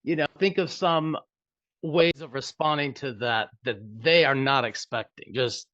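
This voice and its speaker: A man's voice: mid-range voice, unhurried, fairly bright tone, no room sound, dull audio. A man sharing a lesson on a training call, earnest and emphatic on key phrases.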